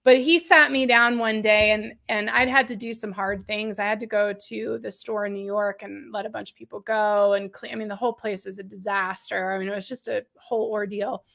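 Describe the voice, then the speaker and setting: A woman co-hosting a podcast in casual chat, animated and laughing often. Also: mid-range voice, brisk, creaky, hardly any pauses. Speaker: podcast co-host.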